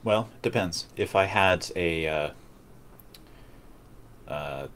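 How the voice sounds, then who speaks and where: A man co-hosting a live racing podcast, talking through strategy in a dry, measured way. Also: low voice, a bit bright. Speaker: podcast co-host. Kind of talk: casual live commentary chat.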